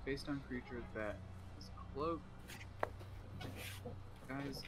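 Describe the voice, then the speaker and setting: A man's voice: mid-range voice, takes it slowly, rough recording. A man co-hosting a casual tabletop gaming talk show, asking curious questions. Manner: curious, asks lots of questions. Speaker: guest co-host. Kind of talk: casual chat.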